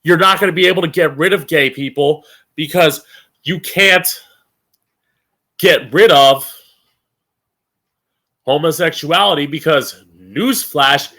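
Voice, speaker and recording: A man's voice: on the high side, a little slow, pauses often, sharp tone. A young man hosting a live-streamed opinion show, ranting angrily with a lot of profanity and emphasis. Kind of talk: opinionated rant.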